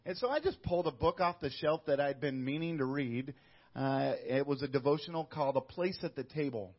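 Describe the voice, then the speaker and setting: A man's voice: on the high side, animated, fairly quick, dull audio. A man, a missionary guest on an interview show, telling a family story and acting out the quoted dialogue.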